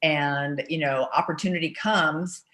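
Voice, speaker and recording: A woman's voice: sits low, unhurried. Chatty woman in her sixties. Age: 60s. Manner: chatty, energetic, many "you know" fillers. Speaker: interview guest. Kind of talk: casual storytelling in an interview.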